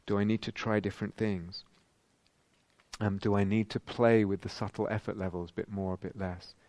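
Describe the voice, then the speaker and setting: A man giving a thoughtful dharma talk as a meditation teacher at a retreat, pausing and restarting as he searches for words. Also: lowish voice, level tone, darkish tone, no echo. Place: retreat centre meditation hall.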